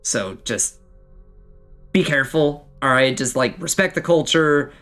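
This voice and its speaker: A man's voice: fairly high pitch, expressive, a little slow, fairly bright tone, soft background music. A game master voicing a rude, exasperated male dwarf mail courier, brusque and scornful in manner. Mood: earnest.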